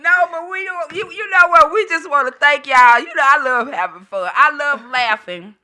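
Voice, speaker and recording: A woman's voice: sits high, normal speed, sharp tone. A woman co-hosting a live call-in show in casual chat, playful and teasing, laughing often. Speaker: co-host.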